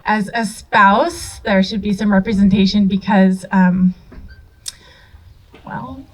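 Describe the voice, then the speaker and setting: A woman's voice: medium pitch, steady tone, slow, low-quality recording. A woman who married into the family, speaking at a memorial in a nervous, hesitant way with many ums. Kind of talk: memorial speech.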